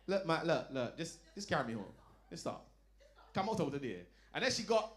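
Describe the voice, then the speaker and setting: A man performing a stand-up comedy set, telling loud, animated stories and dropping into low asides. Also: brisk. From Barbados. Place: lounge comedy night.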